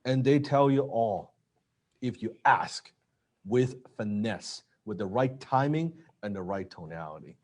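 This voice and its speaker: Man coaching sales, animated. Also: on the low side, measured pace. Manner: animated, acts out lines of dialogue. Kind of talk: coaching talk on closing sales.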